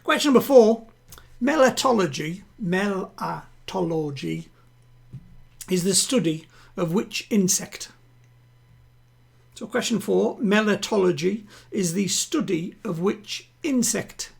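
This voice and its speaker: A man hosting a live-streamed home quiz, chatting with players and reading each question twice, slowly. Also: high voice, animated, gravelly, breathy edge. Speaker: quiz host. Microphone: home streaming setup.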